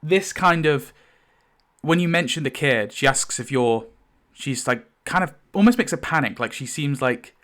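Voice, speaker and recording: A man's voice: fairly high pitch, expressive, moderate pace, fairly bright tone. A man running a tabletop game as game master, rambling with many fillers and laughs.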